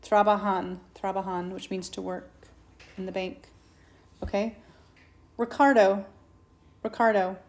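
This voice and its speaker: A woman teacher, slowly and patiently walking students through a Spanish lesson and asking them questions. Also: mid-range voice, little pitch movement, darkish tone. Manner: slow patient explaining, asks students questions. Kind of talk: recorded whiteboard lesson. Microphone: tablet mic.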